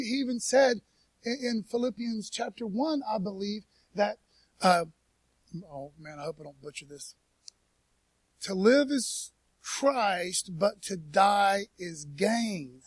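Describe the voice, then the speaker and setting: Male pastor, high-pitched, relaxed folksy sermon delivery, dry recording. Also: slightly rough, dry recording. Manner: folksy, peppered with "man" and "you know". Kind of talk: casual conversational sermon. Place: church.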